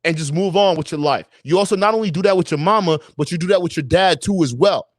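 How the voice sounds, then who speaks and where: A young adult man on a livestream chat, telling personal stories in a lively, profane way and acting out the voices of people he quotes. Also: high voice, fast talker, no room sound. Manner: animated storytelling, acts out quoted voices, profane. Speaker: podcast co-host.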